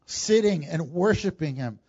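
Guy preaching a sermon, acts out the bible folks, higher voice, kinda muffled sound. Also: husky. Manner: animated, acts out Bible characters in quick asides. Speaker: pastor. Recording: dull lo-fi sound.

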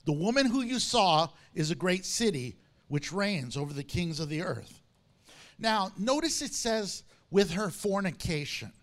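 High-voiced man preaching with animation. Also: measured pace. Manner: animated preaching, reads scripture aloud with emphasis. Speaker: pastor. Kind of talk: sermon.

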